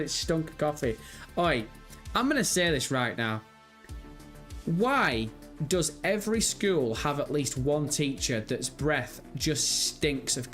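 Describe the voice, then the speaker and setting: Young man, Birmingham accent, live-stream host, rambling, sweary, faint music behind. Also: a little high. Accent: Birmingham English. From England. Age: 20s. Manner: chatty, rambling, swears freely. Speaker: livestream host. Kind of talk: casual live-stream chat reading viewer comments.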